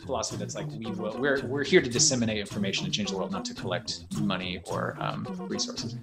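A man's voice: fairly low pitch, fast talker, gravelly, loud music behind the voice. A young man, a puppeteer from New York State, chatting in an interview and telling long stories in a loose, rambling way full of "like"s. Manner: rambling, animated storyteller with many "like"s. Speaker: puppeteer guest. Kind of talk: casual interview storytelling.

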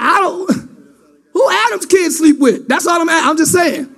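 A male preacher giving an animated sermon in casual slang, often breaking into shouts. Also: extremely high pitch, moderate pace, vocal fry.

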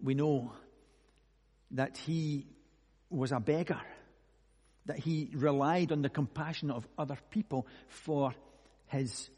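A man preaching a conversational sermon, musing aloud with many rhetorical questions and moving between hushed and loud delivery. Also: fairly high pitch, slow, pauses often, husky. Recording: long echoey hall reverb.

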